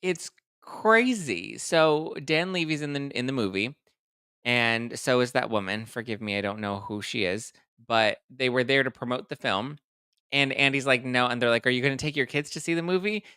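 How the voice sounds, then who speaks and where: Chatty man with a gravelly voice. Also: medium pitch, moderate pace, no echo, clean studio sound. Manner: chatty, animated, reads live chat aloud. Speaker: host. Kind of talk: casual livestream chat.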